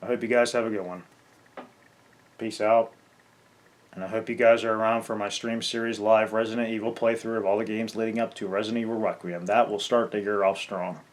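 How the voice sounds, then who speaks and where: A man's voice: fairly low pitch, level tone, a little fast. A gaming content creator venting in an angry farewell rant, swearing and stumbling over his words.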